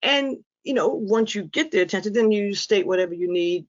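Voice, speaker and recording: A woman addresses an audience in a frank, humorous presenting style, telling stories and acting out what people said. Her delivery is lively and conversational. The recording is dull and lo-fi, like a captured live talk. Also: medium pitch, fairly quick. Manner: lively storyteller who acts out quoted lines. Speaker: inspirational speaker on dementia caregiving.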